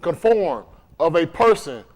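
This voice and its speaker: A man delivers a sermon in a high voice that rises and falls with lively energy. He talks loosely to the congregation, breaking off to ask whether they are following him. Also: a little slow. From Dade County, Florida. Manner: conversational, animated preaching with frequent questions to the congregation. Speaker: preacher. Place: congregation room.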